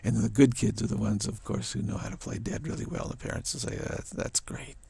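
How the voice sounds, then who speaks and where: Gravelly low-voiced man musing softly. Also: steady tone, fast. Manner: musing, repeats words, acts out quoted voices. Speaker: spiritual teacher. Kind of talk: casual spiritual talk. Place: outdoors in the evening.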